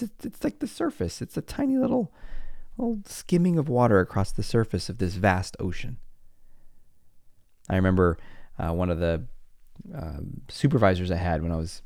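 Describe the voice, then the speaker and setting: A man's voice: low voice, dry recording, studio quality. A middle-aged man, a psychologist, telling stories in a podcast monologue, acting out scenes and laughing often. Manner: animated storytelling, acts out scenes, laughs often.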